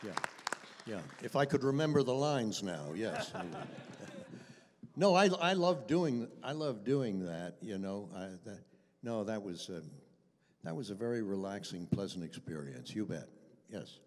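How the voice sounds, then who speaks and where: A man's voice: lowish voice, very animated, measured pace, a little mellow, a faint crowd. An older man, a voice actor guest, telling anecdotes at a convention Q&A with a chatty, self-deprecating, chuckling manner. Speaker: voice actor guest at a fan panel. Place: convention panel room. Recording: echoey convention hall.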